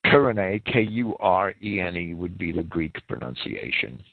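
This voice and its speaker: A man giving verse-by-verse scripture commentary, deliberate and careful, stopping to spell out words and their pronunciations. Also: sits low, animated, creaky, a little hiss or hum. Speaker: Bible commentator. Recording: tinny phone-like dry audio.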